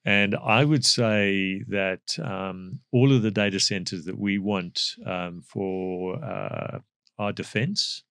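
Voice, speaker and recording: A middle-aged man with a South African accent, speaking as an energy expert in a podcast interview, measured and explanatory with frequent fillers. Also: fairly low pitch, creaky, fairly bright tone, no room sound, clean studio sound.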